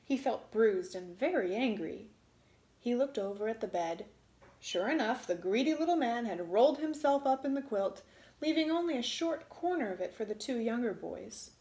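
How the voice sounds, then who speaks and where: A woman reading a storybook aloud in an expressive way, relishing the sound words. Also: fairly high pitch, normal speed, echoey room.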